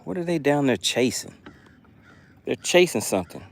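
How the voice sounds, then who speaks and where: A man at a middling pitch hosts a fishing live stream from his boat out on the water. He talks in a loose, chatty way, calling out viewers by name and thanking them as he goes. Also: sing-song, normal speed, vocal fry, a little hiss or hum.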